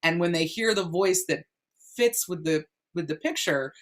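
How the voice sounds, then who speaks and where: A woman's voice: fairly low pitch, expressive, moderate pace. A woman from the United States, a voice actor answering interview questions in a chatty, explanatory way with many fillers and restarts. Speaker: guest voice actor.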